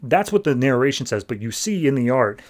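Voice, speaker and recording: A man's voice: medium pitch, very animated. Chatty man recapping comics. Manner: chatty storytelling, heavy use of "like", slips into quick mock voices for characters. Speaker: podcast host. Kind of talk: casual comic book recap.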